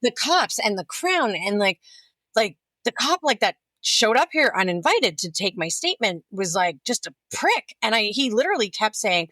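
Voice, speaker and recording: A woman's voice: medium pitch, big pitch swings, normal speed, bright, forceful tone, no echo. A woman guest on a podcast, candidly telling her story in a blunt, profane way and acting out other people's lines.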